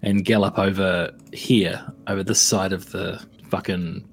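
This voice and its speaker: A man with a fairly low voice plays his character in a tabletop game, chatting casually. He jokes at his own expense and drops the odd swear word. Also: level tone, unhurried, breathy edge. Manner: joking, laughs, swears casually. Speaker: player.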